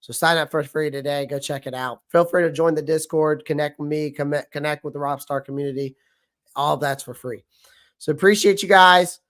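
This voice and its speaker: A man hosting a fan livestream about his football team, hoarse from losing his voice, talking bluntly and repeating his points. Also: on the high side, a little fast, a bit bright. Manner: blunt, emphatic, repeats himself. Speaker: sports fan show host. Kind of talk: livestream sports rant.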